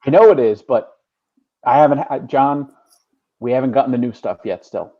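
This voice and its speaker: A man joining a casual podcast chat over drinks as a guest, trading quick teasing banter. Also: medium pitch, no echo, muffled recording.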